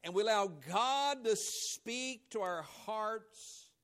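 A male pastor preaching a sermon, swinging between loud emphatic lines and quiet low asides, acting out quoted voices. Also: expressive, takes it slowly, smooth.

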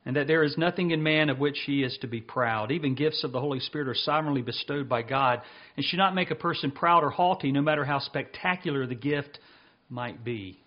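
A man preaching a sermon as pastor, reading passages and slowing down to stress his points. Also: medium pitch, muffled recording.

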